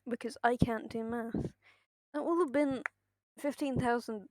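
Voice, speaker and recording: Slow-talking woman streamer, cursing casually. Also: on the high side, fairly even intonation, darkish tone, dry recording. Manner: chatty, swears freely, talks to chat while playing. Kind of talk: casual game stream chat.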